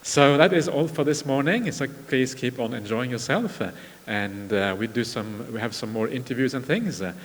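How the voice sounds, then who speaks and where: A man's voice: medium pitch, lively intonation, moderate pace. Man teaching in a reverberant hall. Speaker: Buddhist meditation teacher. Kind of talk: retreat dharma talk. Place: large meditation hall. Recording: long reverb of a large hall.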